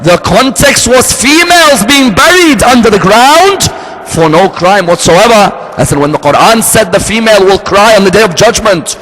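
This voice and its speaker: A man preaching a sermon, telling a story with acted-out dialogue and shifting his pitch and pace freely. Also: sing-song, moderate pace, a bit bright. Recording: long hall reverb.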